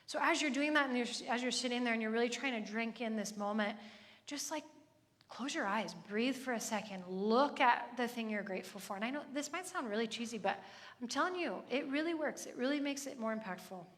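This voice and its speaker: Her voice is a little high, animated and fairly bright, moving at a fairly quick clip as this woman in her thirties preaches. The church speaker's conversational sermon is earnest and chatty, packed with asides, and recorded in an echoey hall.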